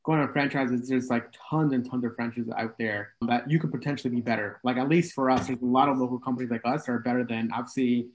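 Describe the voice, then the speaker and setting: A man's voice: mid-range voice, fairly even intonation, quick pace, hardly any pauses, poor audio. A man hosting a casual interview, chatty and laughing often. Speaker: interview host.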